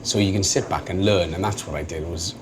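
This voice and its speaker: A Welsh man in his thirties, an actor guest telling stories in a casual interview, self-deprecating and quick to laugh. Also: deep voice. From Wales. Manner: animated storyteller, self-deprecating, laughs often. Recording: noisy background.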